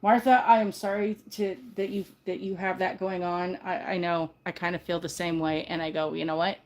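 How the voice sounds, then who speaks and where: An older livestream host talks in a fairly low, steady voice at a moderate pace. The stream is casual; she comes across as earnest and sincere, rambling a little and often starting her sentences over to correct herself.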